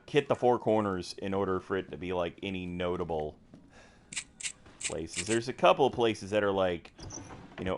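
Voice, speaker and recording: A man's voice: lowish voice, slight background noise. A young American man streaming a game, chatting casually and rambling with lots of fillers and restarts. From United States. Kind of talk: casual gameplay chat.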